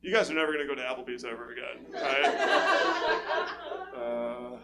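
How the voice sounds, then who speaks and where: Gravelly and mid-range, with fairly even intonation and a normal speaking speed, this man is a comedian from California. His self-deprecating set wanders, full of stammered restarts and laughter at his own jokes, delivered into a stage mic before a live audience. The audio is a noisy live recording with hum.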